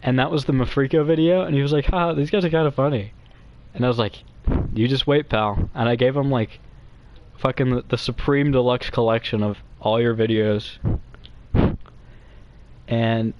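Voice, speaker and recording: In a medium-pitched voice recorded with the highs cut off, a young guest of some streamers rambles crudely in comedic chat. He's nervous, quick and quiet, giggling along the way.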